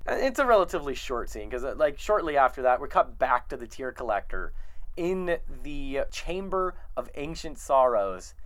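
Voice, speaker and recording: A man's voice: mid-range voice, moderate pace. A man casually recapping a TV episode, acting out the characters' lines as he goes. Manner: animated retelling, acting out lines. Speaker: podcast co-host.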